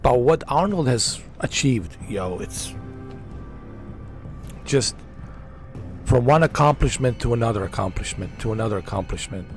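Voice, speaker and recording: A male gaming streamer chats casually and eagerly, circling back to the same points with plenty of slang. His voice sits at a mid pitch. Quiet game music runs in the background. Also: lively intonation, a little slow, long pauses. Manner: enthusiastic, repetitive, slangy ("man", "dude"). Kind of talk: casual chat over gameplay.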